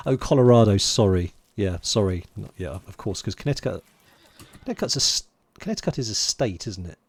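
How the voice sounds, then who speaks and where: A man's voice: lowish voice, lively intonation, moderate pace, breathy edge. A man from London, streaming a game, chatting casually, muttering to himself while he plays and greeting viewers in chat. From England (London). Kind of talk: casual livestream commentary.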